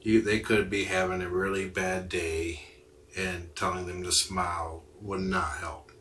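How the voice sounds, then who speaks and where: A man's voice: deep voice, level tone, unhurried, a bit bright, slight background noise. A man hosting a livestream, chatting casually and answering viewer comments as they come in. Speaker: livestream host. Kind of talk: casual chat with live viewers.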